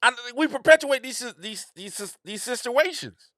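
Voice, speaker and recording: A middle-aged man, hosting a casual opinion monologue with an animated, repetitive, preacher-like cadence. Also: extremely high pitch, unhurried, dry recording, studio quality. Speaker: host.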